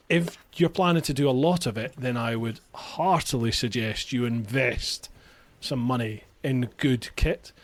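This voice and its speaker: Brief: British male podcast host, slightly higher voice, relaxed chatty delivery, reads out listener mail. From Britain. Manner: reads listener questions aloud. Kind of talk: casual chat.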